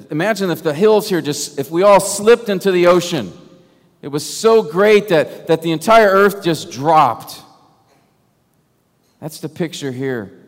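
Guy preaching a sermon, kinda high voice, big echoey church sound, lots of rhetorical questions. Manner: emphatic preaching with rhetorical questions, drops to a hush. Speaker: pastor. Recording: long hall reverb.

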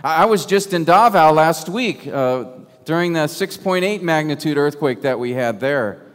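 A man preaching a sermon, emphatic and full of rhetorical questions, sometimes dropping to a hush. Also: a little high, expressive, moderate pace. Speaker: pastor. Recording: long hall reverb.

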